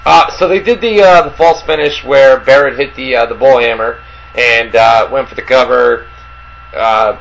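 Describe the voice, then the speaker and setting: A man co-hosting a casual wrestling podcast, talking at an average pitch and rambling through his points with plenty of fillers and restarts. A faint hum runs underneath the recording. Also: moderate pace, vocal fry, a bit bright, low-quality recording. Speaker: podcast co-host.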